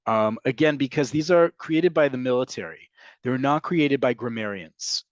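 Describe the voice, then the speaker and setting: A man's voice: medium pitch, normal speed, dry recording. Man teaching in a dull, dry recording. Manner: explanatory, patient, reads out student questions; frequent "um" and "right?" fillers. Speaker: Hebrew teacher. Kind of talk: online class answering questions.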